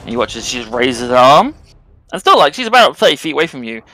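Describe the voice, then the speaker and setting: A man's voice: medium pitch, fast, faint music behind, low-quality recording. Man running a tabletop game. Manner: relaxed, descriptive narration with frequent fillers. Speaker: game master.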